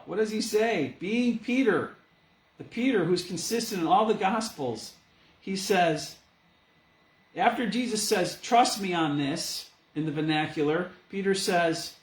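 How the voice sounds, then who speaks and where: A pastor delivers a conversational sermon, drawing his listeners in with rhetorical questions. His voice sits a little high for a man. The sound echoes off the walls of a church hall. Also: animated, measured pace.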